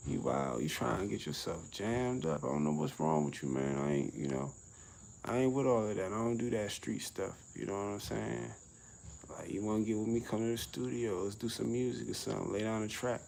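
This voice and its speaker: A man's voice: on the low side, brisk, vocal fry, a little mellow, poor audio. A middle-aged man vlogging outdoors on a summer evening, talking in a laid-back, slangy way and laughing often. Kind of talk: casual outdoor vlog rant.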